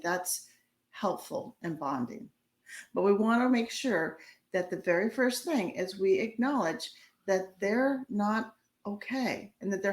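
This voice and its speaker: A woman teaches couples how to handle a fight in a relaxed, coaching way. Her voice sits at an ordinary middle pitch, and she often pauses to restart a word before going on. The recording has a noticeable room echo. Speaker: couples therapist teaching a course. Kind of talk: casual spoken lesson. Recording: echoey room.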